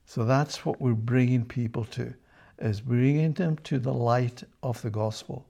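Guy preaching a bible study, low mellow gravelly voice, really emphatic, keeps repeating himself. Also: steady tone, unhurried. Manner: emphatic, repeats key phrases, checks in with "yeah?". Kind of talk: sermon-style Bible teaching.

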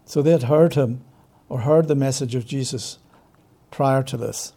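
Emphatic preacher, mellow voice. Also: male voice, medium pitch. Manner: emphatic, with rhetorical questions answered himself; stretches key words slowly for stress. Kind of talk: expository Bible teaching.

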